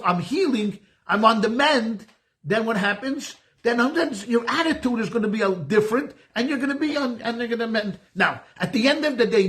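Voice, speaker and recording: A rabbi gives a class in an easy, conversational manner. His voice sits high for a man, and he likes to hammer points home by repeating words and throwing out rhetorical questions. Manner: animated, repeats phrases for emphasis, asks rhetorical questions. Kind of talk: conversational lecture.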